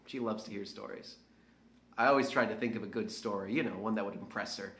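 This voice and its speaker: A man's voice: on the low side, quick pace, a bit bright, close to an everyday voice. An actor playing a reflective, hesitant young American man in an audio drama monologue. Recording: roomy echo.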